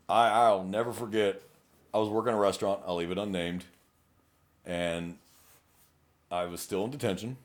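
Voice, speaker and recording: A man's voice: sits low, a little mellow. A man, co-hosting a podcast and telling cop stories in a profane, laughing manner. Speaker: podcast co-host, law enforcement officer. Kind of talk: casual storytelling chat.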